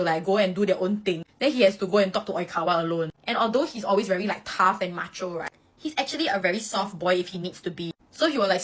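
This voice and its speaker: Fast-talking young woman gossiping about anime. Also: medium pitch, a bit bright. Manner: chatty, dramatic, gossipy asides. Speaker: anime fan commentator. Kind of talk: casual fan commentary.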